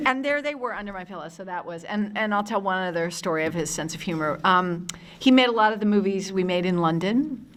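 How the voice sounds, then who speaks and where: A woman in her fifties from the United States, telling lively anecdotes at a convention panel with many fillers and restarts. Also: medium pitch. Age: 50s. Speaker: panel guest.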